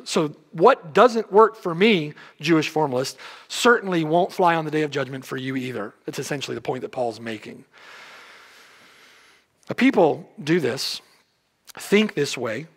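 A man's voice: on the high side, slightly rough, big-room sound. A man preaching an expository sermon as pastor, emphatic and full of rhetorical questions. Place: church sanctuary.

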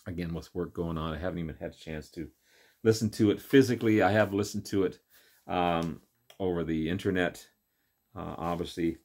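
A man casually showing and talking through records he picked up, relaxed and rambling with many ums and uhs. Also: low-pitched, a little fast. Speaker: vinyl collector vlogger. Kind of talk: casual record show-and-tell.

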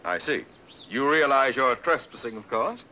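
An actor playing a stubborn, grumpy middle-aged neighbor in a 1960s sitcom, huffy and blustering, on a hissy old TV soundtrack. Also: male voice, medium pitch, lively intonation, moderate pace, bright, forceful tone. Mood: indignant.

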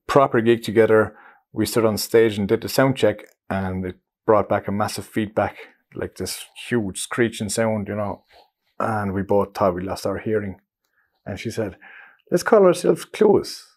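A man's voice: on the low side, fairly even intonation, normal speed, a little mellow. A German man with an Irish accent, chatting casually and with self-mockery as an interviewee in a documentary, now and then searching for an English word. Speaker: interviewee, musician.

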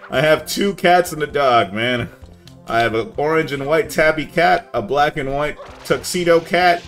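A young man chatting casually on a live gaming stream, laid-back and saying "man" a lot, yelling now and then at the game. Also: a little high, normal speed, soft background music.

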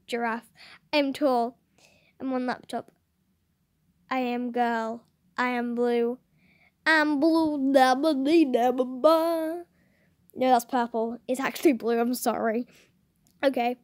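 High-voiced woman reading chat messages. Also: no room sound. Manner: giggly, chatty read-aloud with bursts of laughter. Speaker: channel host.

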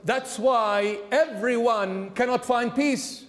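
A man, a bishop, preaching a sermon emphatically, repeating key phrases and dropping suddenly to a hush. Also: very high voice, takes it slowly, in a large hall, soft background music.

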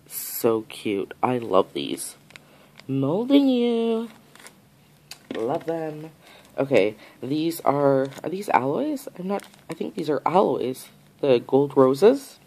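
Slow-talking gushing woman vlogger. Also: a bass voice, a little mellow, poor audio. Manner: gushing, repeats her praise; talks straight to the camera and the sender. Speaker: nail art vlogger. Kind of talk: casual haul unboxing chat.

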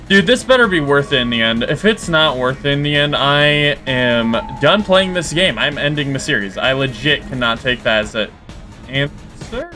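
A man hosting a horror game playthrough, talking casually and reacting loudly, yelping at scares and grumbling when frustrated. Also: fairly high pitch, sing-song, moderate pace, faint music behind. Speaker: gaming video host. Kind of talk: let's play commentary.

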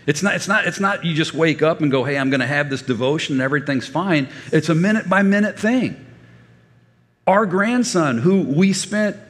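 A man in his fifties preaching a sermon as a folksy storyteller, animated and given to stammered restarts. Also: fairly high pitch. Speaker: pastor. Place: church sanctuary. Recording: reverberant church hall.

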